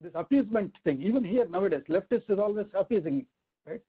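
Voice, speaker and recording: A man teaching a weekly scripture class, explaining step by step with rhetorical questions and slow recitations. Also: high-pitched, expressive, husky, phone-quality sound. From India. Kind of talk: weekly online scripture lesson.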